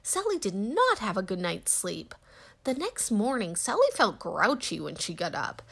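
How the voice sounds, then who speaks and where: A woman narrating a children's storybook aloud with gentle, expressive reading. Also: medium pitch, moderate pace, vocal fry, breathy edge.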